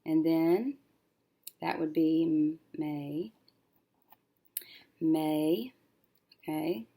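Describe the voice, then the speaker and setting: Woman, teacher, low gravelly voice, slow, sounding out syllables, working at a desk. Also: mellow. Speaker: reading teacher. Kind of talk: recorded syllable-division lesson.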